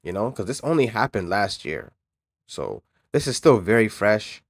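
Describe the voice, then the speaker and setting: A man fires off blunt, profane reactions in casual slang, sometimes heated and sometimes lowering his voice. The recording is dry and close. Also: big pitch swings, normal speed, no echo. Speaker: co-host. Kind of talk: casual commentary chat.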